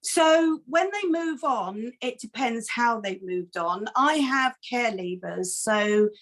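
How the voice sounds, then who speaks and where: A middle-aged woman, a foster carer and campaigner, answering interview questions in an earnest, animated way, with many restarts. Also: fairly high pitch, takes it slowly.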